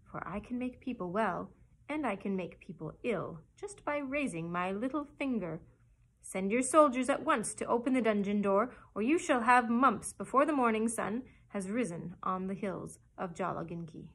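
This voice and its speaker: A woman's voice: mid-range voice, expressive, moderate pace, fairly bright tone, slightly rough, low-quality recording. Woman putting on Polynesia the clever parrot. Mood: commanding. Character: clever bossy female parrot.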